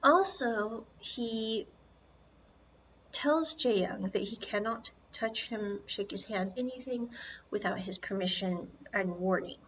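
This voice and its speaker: A woman's voice: medium pitch, takes it slowly, lo-fi sound, a little hiss or hum. Chatty woman podcaster recapping a film. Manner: chatty, lively storytelling with asides. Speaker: podcast host.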